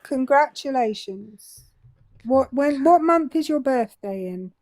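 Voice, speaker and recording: A woman's voice: high-pitched, expressive, takes it slowly, darkish tone, no echo. A British-accented English woman in her forties, co-hosting a live call-in debate and pressing a caller with pointed questions. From England. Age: 40s. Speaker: co-host.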